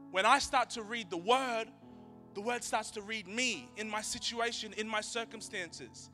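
A young man giving an energetic, chatty youth sermon as pastor, repeating key lines for emphasis. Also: very high voice, normal speed, faint music behind.

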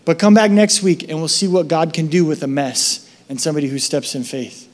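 A man pastor preaching a sermon, telling stories with lively acted-out voices and dropping soft for reflective moments and prayer. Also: a little high, a little fast. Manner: animated storytelling, acting out voices in his anecdotes.

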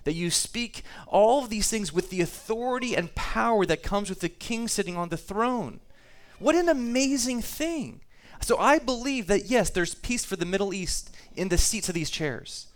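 A man's voice: high voice, normal speed, few pauses. A man preaching a sermon to his congregation, talking easily, reading scripture aloud and repeating himself now and then. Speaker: pastor.

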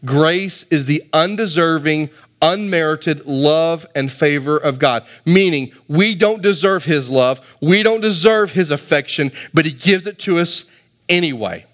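A male pastor delivering a sermon in a fairly high voice. He preaches with animated energy, climbing to emphatic peaks and putting rhetorical questions to his listeners. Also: unhurried. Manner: addresses the congregation directly with rhetorical questions.

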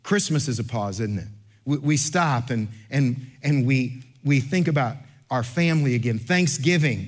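Animated storytelling pastor, fairly high voice. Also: male voice. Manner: animated storyteller, acts out other voices, then slows for scripture. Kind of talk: sermon with storytelling.

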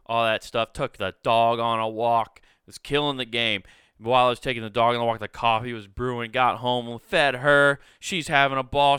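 A podcast host with a mid-range, pushed, bright voice rambles enthusiastically in casual chat, swearing a lot. The sound is clean studio audio with a clean tone and no echo.

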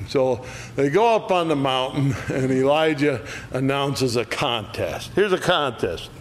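A man teaching an adult Bible study, retelling a story with lively acted quotes and chuckles. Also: mid-range voice, unhurried, slight background noise.

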